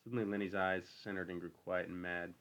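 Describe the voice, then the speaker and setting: A man reading an audiobook, narrating in a steady, unhurried way. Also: low-pitched. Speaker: audiobook reader.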